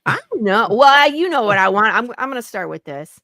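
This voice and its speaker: A woman's voice: on the high side, sing-song, brisk, bright, forceful tone, no echo, clean studio sound. A woman hosting a casual chat show, bubbly and teasing, laughing often. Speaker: podcast host.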